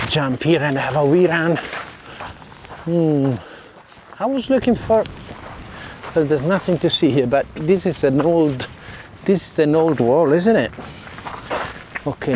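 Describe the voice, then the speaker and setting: Italian-accented male vlogger, fairly high voice, chatty and self-correcting, outdoors with faint background noise. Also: unhurried, pauses often, darkish tone. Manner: chatty, self-correcting, apologetic asides to viewers. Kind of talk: casual walking vlog. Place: outdoors by a seaside village harbour and beach. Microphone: clip mic under a jacket.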